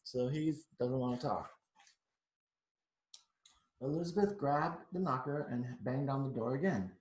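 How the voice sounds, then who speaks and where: A man reading a picture book aloud to children, pausing for chatty asides. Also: medium pitch, a little mellow, reverberant. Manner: chatty, adds asides to the kids.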